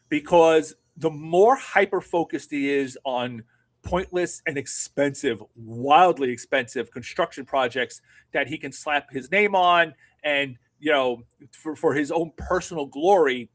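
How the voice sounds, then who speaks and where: Profane, ranting man with a higher voice. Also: a bit bright. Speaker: political podcast co-host. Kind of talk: casual political commentary.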